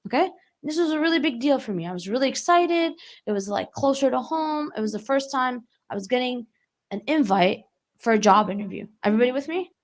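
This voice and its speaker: Speaking brisk and high-pitched with an expressive voice, a young adult woman gives a conversational guest talk at a community hall. She shares a personal story and keeps asking listeners questions.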